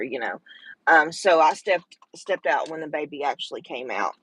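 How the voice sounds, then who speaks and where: A woman's voice: sits low, moderate pace, a bit bright, husky, rough recording. A middle-aged woman, talking to viewers in a casual livestream chat, tender and emotional. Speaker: livestream host.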